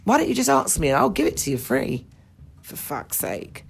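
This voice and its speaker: A woman's voice: low voice, big pitch swings, moderate pace, vocal fry, faint music behind. A woman hosting her own podcast, ranting bluntly and indignantly with plenty of swearing. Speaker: podcast host. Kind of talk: ranting monologue.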